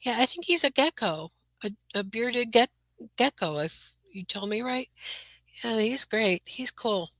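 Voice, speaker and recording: A woman's voice: a little high, lively intonation, a little slow, a bit bright, dry recording, poor audio. A woman hosting a casual live chat from her room, greeting viewers by name with a chatty, rambling manner. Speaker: livestream host.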